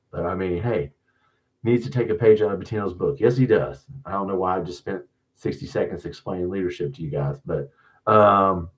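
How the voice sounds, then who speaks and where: A man hosting a sports stream, ranting bluntly and profanely in casual commentary, often restarting his sentences. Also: sits low. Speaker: sports show host. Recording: distant, dull lo-fi mic.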